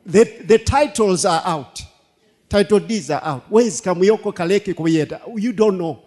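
A man preaching a sermon as pastor, animated, laughing and repeating himself for emphasis. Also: sits high, moderate pace. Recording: long hall reverb.

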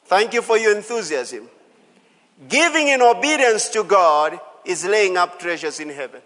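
High-voiced pastor preaching in a hall. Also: male voice, big pitch swings, moderate pace, a bit bright. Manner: emphatic, repeats key phrases, calls out to the congregation. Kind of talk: sermon. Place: church hall.

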